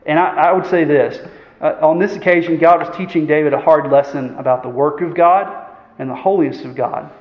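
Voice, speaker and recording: A man preaching a sermon. He poses rhetorical questions and often clears his throat. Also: on the high side, brisk. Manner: earnest, asks the congregation rhetorical questions; frequent fillers and throat clearing. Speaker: pastor. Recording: echoey hall, dull sound.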